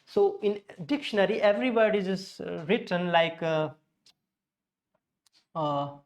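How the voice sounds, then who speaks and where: A man's voice: high-pitched, fairly even intonation, measured pace. A man giving a spoken lesson as an English pronunciation teacher, explaining things methodically, step by step.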